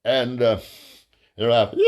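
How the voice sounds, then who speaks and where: A man telling a rambling, profane stand-up story as host of his own comedy show. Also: muffled recording. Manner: crude, profane, rambling with fillers; lively, jumps to high voices for quotes.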